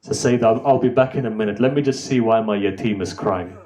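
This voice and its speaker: A man's voice: fairly low pitch, brisk, dark tone. A man preaching an emotional mourning sermon in a mosque, often asking the listeners rhetorical questions. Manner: impassioned, emotional recitation.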